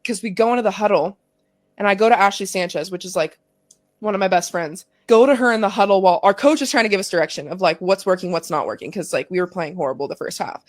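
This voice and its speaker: A woman's voice: medium pitch, no room sound. A woman in her twenties, a pro athlete guest on a podcast, telling a personal story candidly with lots of "like" and swearing. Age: 20s. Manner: candid, profane, fillers of "like", emotional retelling. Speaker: guest, pro soccer player.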